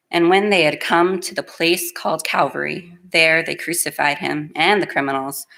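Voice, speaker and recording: A woman with a low voice delivers a sermon in a church. She reads scripture and then speaks from the heart, earnest and plainspoken, letting emotion show. She sounds middle-aged. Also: fairly bright tone. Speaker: preacher.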